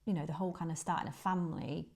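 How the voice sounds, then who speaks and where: A woman's voice: low-pitched, very fast, gravelly. Chatty woman in her forties. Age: 40s. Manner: chatty, laughs often, voice jumps up when excited. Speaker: guest. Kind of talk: casual chat.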